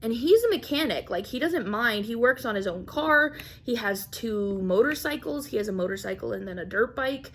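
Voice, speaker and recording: A young woman vlogger telling a story in a casual, animated way, acting out quotes and laughing often. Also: fairly high pitch, moderate pace, hardly any pauses, slightly rough. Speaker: craft vlogger.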